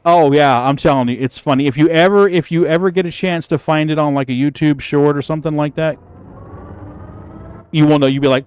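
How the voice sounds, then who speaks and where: A man casually chatting with his stream viewers, telling a story in an animated, profane way and laughing easily. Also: a little high, a little fast, smooth, dry recording. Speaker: gaming livestreamer.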